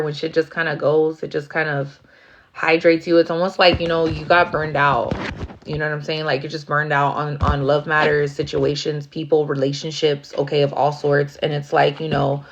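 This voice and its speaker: A woman with a low voice talks through a tarot reading in a loose, rambling way, leaning on fillers and dropping curse words. The recording sounds dull and lo-fi, with a faint hiss underneath. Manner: rambling, heavy on fillers, swears freely. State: near tears at times. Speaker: tarot reader. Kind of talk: casual tarot reading monologue.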